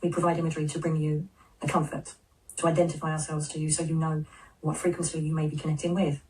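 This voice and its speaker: A serene male spirit of Jesus speaks through a medium, as a woman channels him. The delivery is slow, solemn and almost monotone, holding one level note. The voice sits back from the microphone. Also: deep voice, recorded from a distance, pitched below the performer's own voice, close to an everyday voice, low-quality recording. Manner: slow, solemn, measured pronouncements.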